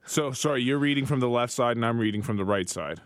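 A man's voice: medium pitch, fast talker, no echo. A man co-hosting a radio show, answering in a dry, understated way. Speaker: radio co-host. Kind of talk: casual radio banter.

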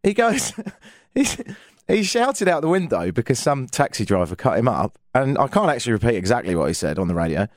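A London man telling stories in a dry, joking way, his pitch swinging up and down a lot as he talks. The recording is close and dry, with no room sound. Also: big pitch swings, fairly quick, no echo. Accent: London English. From England. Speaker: co-host. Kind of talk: casual comedic chat.

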